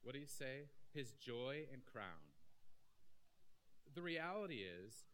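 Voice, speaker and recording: A man's voice: mid-range voice, sing-song, slow pace, fairly bright tone, low-quality recording. A man preaching a sermon as pastor, talking directly and conversationally to his congregation.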